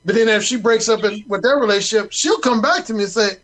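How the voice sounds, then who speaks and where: A man's voice: high-pitched, quick pace, a bit bright, poor audio. A man who writes dating advice books, speaking bluntly and explicitly in casual chat.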